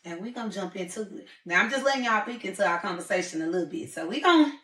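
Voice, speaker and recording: A woman's voice: medium pitch, expressive, fast talker, a bit bright. A woman hosting a talk show, chatting and teasing her guest. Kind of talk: casual chat. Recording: roomy sound from a distant mic.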